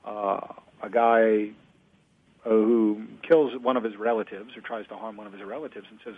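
A man who studies ancient drama, retelling a play in a lively storytelling way during a discussion. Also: on the low side, moderate pace, husky. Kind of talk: conversational discussion. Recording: phone-like thin audio.

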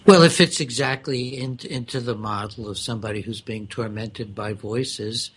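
Husky man explaining things slowly. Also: mid-range voice. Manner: measured and explanatory, with filler pauses. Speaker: mental health expert. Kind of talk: conversational discussion.

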